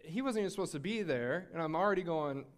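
A man giving a sermon-style faith testimony, telling his story in an animated way with laughter and frequent restarts. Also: on the high side, fast. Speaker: speaker sharing a faith testimony.

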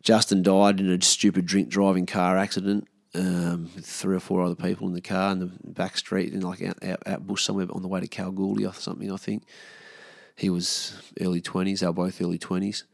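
A man's voice: low-pitched, little pitch movement, brisk, vocal fry, no room sound, clean studio sound. A man in his thirties with an Australian accent, telling stories from his past in a casual, laid-back way, swearing freely and often trailing off. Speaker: podcast host. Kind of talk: casual storytelling monologue.

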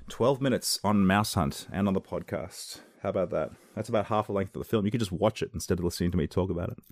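Deep-voiced enthusiastic man rambling. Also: gravelly, no echo, clean studio sound. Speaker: podcast film reviewer. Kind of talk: casual solo podcast review.

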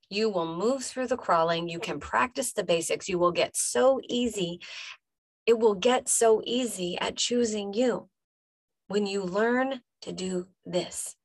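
A woman's voice: mid-range voice, no echo. A woman life coach giving a motivational podcast monologue, emphatic and talking straight to the listener, repeating punchy phrases.

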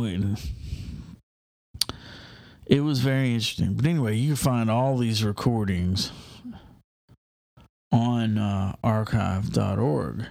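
Gravelly man rambling casually. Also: lowish voice, animated, takes it slowly, long pauses, warm tone, no echo, clean studio sound. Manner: hesitant, many fillers and restarts, enthusiastic.

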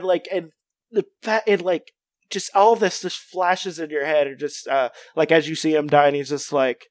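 A man's voice: sits high, steady tone, moderate pace, no room sound. A young man in casual podcast chat, rambling and playful as he spins odd hypothetical stories.

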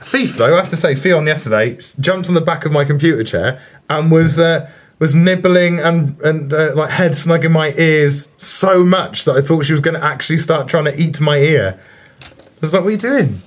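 A man in casual podcast banter, swearing freely and acting out other people in his stories. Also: moderate pace. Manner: sweary, animated storytelling, mimics people in high voices. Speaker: podcast co-host.

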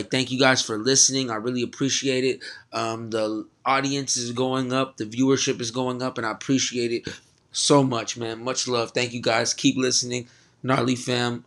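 Excitable young man vlogging over music. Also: medium pitch. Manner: loose, excitable, slangy, talks to viewers as "y'all". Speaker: podcast host. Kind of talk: casual food vlog commentary. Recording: music playing behind.

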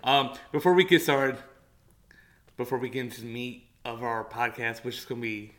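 Young man, podcast host, bright forceful voice, loose rambling chat, swears freely. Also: medium pitch, steady tone, moderate pace. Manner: loose, swearing, laughing, filler-heavy talk. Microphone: one shared mic among three.

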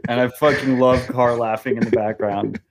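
A man co-hosting a podcast in casual chat, blunt and quick to swear. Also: mid-range voice, fairly even intonation. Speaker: podcast co-host.

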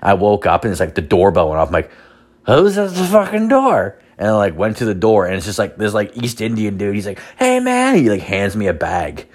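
A man's voice: sits low, quick pace, hardly any pauses, darkish tone. A man in his thirties hosting a solo podcast, telling rambling, self-deprecating stories packed with swearing. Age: 30s. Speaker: podcast host. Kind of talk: casual solo podcast storytelling.

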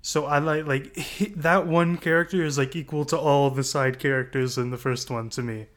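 A man co-hosting a casual movie discussion, talking in a laid-back, halting way and offering contrary opinions. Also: fairly high pitch, fairly even intonation, fairly bright tone. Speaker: podcast co-host.

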